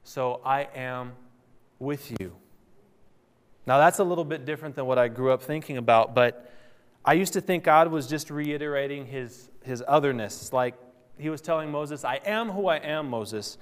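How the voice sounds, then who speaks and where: A man preaching a sermon, explaining scripture and softly, slowly voicing God's words. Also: mid-range voice, smooth. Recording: long hall reverb.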